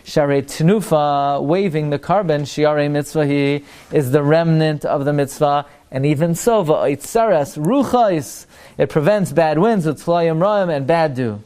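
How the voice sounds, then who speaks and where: A man giving a lively religious lecture, posing rhetorical questions and growing animated as he builds his points. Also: unhurried, smooth. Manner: animated, rhetorical questions, rises in pitch when excited. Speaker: Torah teacher.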